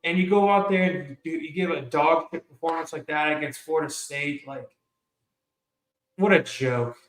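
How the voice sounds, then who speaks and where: A man's voice: a little high, normal speed. A man co-hosting a casual sports podcast, ranting heatedly and telling stories. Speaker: podcast co-host. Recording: echoey room.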